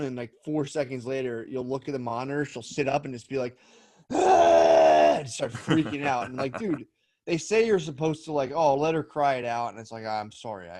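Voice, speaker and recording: A man in his thirties, co-hosting a podcast, rambles through a crude story and acts out his own yelps and grumbles along the way. His voice sits at a middle pitch, and the close microphone leaves it dry, with no room sound around it. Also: darkish tone, no room sound. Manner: rambling, profane storytelling with acted-out outbursts. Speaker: podcast co-host. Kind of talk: casual chat.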